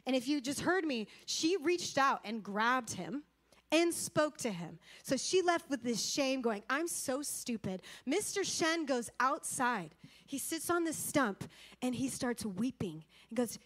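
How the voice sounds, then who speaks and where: A woman with a high voice delivers a sermon as a lively story. She acts out the quotes and speaks straight to her listeners. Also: a little slow. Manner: lively, acts out quotes, addresses audience directly. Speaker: preacher.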